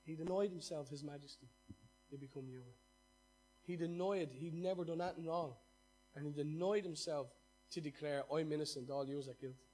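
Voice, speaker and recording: A man preaching a sermon as pastor, impassioned, swinging from loud exhortation to hushed asides and stumbling over repeated words when fired up. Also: fairly high pitch, fairly even intonation, fairly quick.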